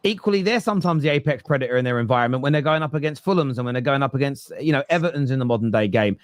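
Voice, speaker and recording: A man's voice: mid-range voice, animated, very fast, no echo. Guy hosting a footy chat, keeps restarting sentences, goes on about the food chain, pretty dry sound. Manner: rambling, builds long animal analogies, frequent restarts. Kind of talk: casual football debate.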